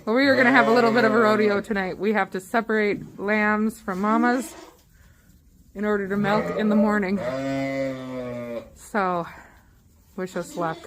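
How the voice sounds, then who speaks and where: A woman's voice: medium pitch, steady tone, moderate pace, pauses often. A woman on a ranch chatting casually while doing chores, cooing at the animals in a sing-song baby-talk voice. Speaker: ranch vlogger. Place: outdoors at a windy ranch barn. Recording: wind noise and farm animals. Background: wind and livestock.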